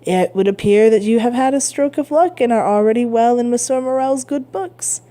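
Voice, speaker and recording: A woman's voice: a little high, normal speed, mellow, pitched above the performer's own voice, close to an everyday voice. A woman voicing a sly, grudging young male tailor who needles his neighbor in a storybook reading.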